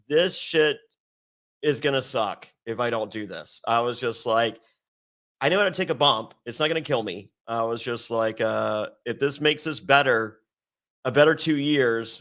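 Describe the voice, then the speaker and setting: A man from Virginia telling stories as an interview guest, swearing a lot and acting out quoted lines in a raised, excited voice. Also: medium pitch. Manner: animated, acts out quotes in raised voice, heavy swearing. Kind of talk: casual storytelling with profanity.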